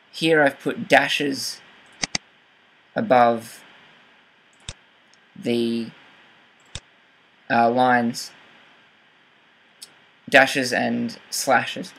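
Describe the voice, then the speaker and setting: A man's voice: mid-range voice, gravelly, fairly bright tone, poor audio. A young man talking through how to read a poem closely, hesitant, with fillers and self-corrections. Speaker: writing channel host. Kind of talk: casual explanatory talk with poetry reading.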